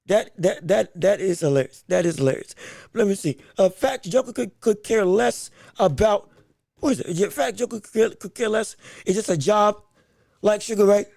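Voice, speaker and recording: A man's voice: high voice, lively intonation, normal speed, vocal fry, a little mellow, no echo, clean studio sound. A man hosting a sports podcast, talking animatedly and casually, often repeating words and laughing as he goes. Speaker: podcast host. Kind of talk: solo sports commentary podcast.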